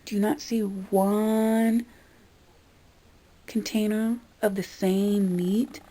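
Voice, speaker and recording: A woman's voice: medium pitch, level tone, drawn-out words, mellow, poor audio. A young woman vlogging a casual rant, exasperated and swearing, now and then mimicking the people she talks about. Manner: exasperated, swearing, mimics customers in quoted voices. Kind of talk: casual ranting monologue.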